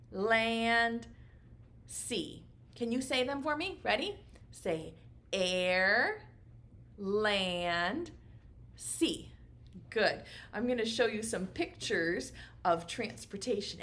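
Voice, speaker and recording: A woman teaching a virtual preschool circle time, speaking slowly and encouragingly in an exaggerated sing-song manner. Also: medium pitch, a bit bright. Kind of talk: virtual circle-time lesson for young children.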